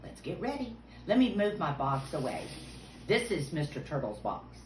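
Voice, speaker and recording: A woman preschool teacher, talking playfully to young children and sometimes dropping to a hushed whisper for suspense. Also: low-pitched, huge pitch swings, moderate pace. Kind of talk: video lesson for young children. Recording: roomy sound with faint background noise.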